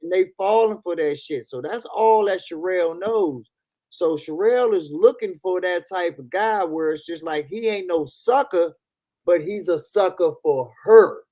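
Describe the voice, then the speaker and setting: A man's voice: sits high, a little slow, dark tone, dry recording. A man, a guest on a casual livestream chat, speaking frankly and telling stories about family. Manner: frank, storytelling.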